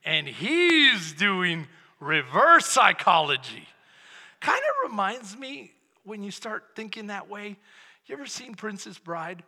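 A pastor from Texas preaches in a church sanctuary, his very high, bright, slightly rough voice ringing out with wide pitch swings. He builds from hushed, intimate tenderness to loud, shouted fervor, and the sermon echoes through the large hall with a long reverb tail.

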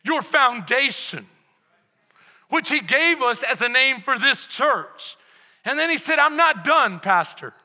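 A man preaching a sermon as pastor, telling a family story with shouted exclamations and quiet, reflective passages. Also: extremely high pitch, animated, slow pace, long pauses. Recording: long church-hall reverb.

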